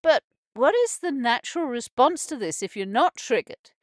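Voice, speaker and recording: This woman's high voice swings widely in pitch as she talks at a moderate pace. She hosts a casual morning radio program from a canal narrowboat, wandering through her thoughts with frequent restarts and swearing when upset, since a stroke has left her emotions heightened. There's no room sound, just a clean studio quality.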